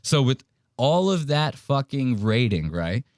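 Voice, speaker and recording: Male podcast host, mid voice, dry close mic, lively and foul-mouthed storyteller. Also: mid-range voice, a little slow, no room sound. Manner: animated, profane storytelling. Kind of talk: casual chat.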